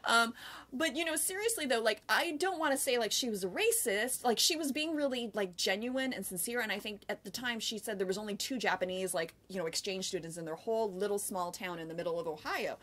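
A woman's voice: medium pitch, fairly quick, a bit bright. An American woman co-hosting a podcast, talking earnestly in casual conversation and often asking "right?". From United States. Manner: earnest, talkative, explains with many "like" and "right?". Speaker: podcast co-host.

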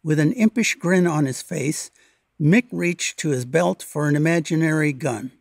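Documentary narrator, male, slightly high voice with a gravelly fry, measured read-aloud delivery, dry close-miked voice-over. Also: no echo. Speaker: local history narrator.

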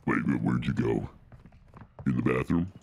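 A man on game voice chat putting on a gravelly growling voice to taunt the players he hunts. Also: extremely low pitch, normal speed, darkish tone, full character voice. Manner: taunting, teasing threats. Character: growling menacing male stranger, taunting. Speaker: enemy player on proximity chat.

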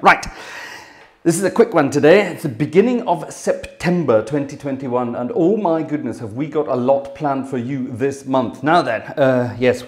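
A man's voice: mid-range voice, darkish tone. A man from Britain, hosting his organ channel, giving a rambling casual update with lots of ums and yeses, a bit out of breath. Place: music room.

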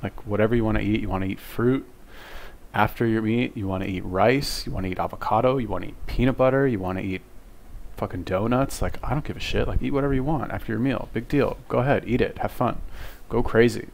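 A man's voice: lowish voice, quick pace, creaky, a little mellow. A man giving casual reaction commentary on a video, blunt, profane and exasperated, lecturing his viewers.

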